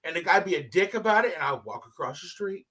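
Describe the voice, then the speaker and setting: Animated, husky high-voiced man. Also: fast talker. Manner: animated storyteller, swears a lot, acts out quotes loudly. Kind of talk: casual chat.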